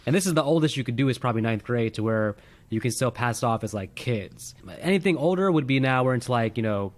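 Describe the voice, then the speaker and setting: A man co-hosting a film review, talking at a quick clip with lots of exclamations and casual cursing. He sounds animated and loose in conversation, at a middle pitch. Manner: animated, exclaiming, swears freely. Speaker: film review podcast co-host. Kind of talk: casual movie discussion.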